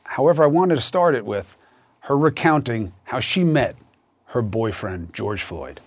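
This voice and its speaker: A man's voice: mid-range voice, animated, measured pace, no echo. A man hosting a news show, introducing stories and guests in an emphatic, conversational way. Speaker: host. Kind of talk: news commentary and interview.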